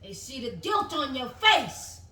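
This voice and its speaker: Woman, taunting and accusing co-host, fairly high voice, faint background noise. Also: big pitch swings, measured pace. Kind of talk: casual chat. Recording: roomy, distant mic, faint background noise.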